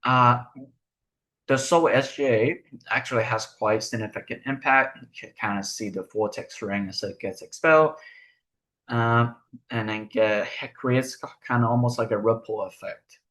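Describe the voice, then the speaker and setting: Young man, bright tense voice, presenting research, recorded talk, explanatory. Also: medium pitch, normal speed. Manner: explanatory, with frequent ums and rhetorical questions.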